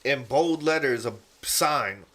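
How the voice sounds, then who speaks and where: Bright-voiced man telling a wild story. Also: mid-range voice, slow. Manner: animated storyteller, acts out others' voices. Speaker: podcast co-host. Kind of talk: casual storytelling chat.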